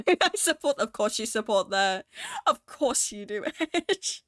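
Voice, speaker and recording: Lively slow-talking woman streamer. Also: fairly high pitch, dry recording, studio quality. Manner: chatty, swears freely, laughs often, talks to chat. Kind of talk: casual live-stream chat.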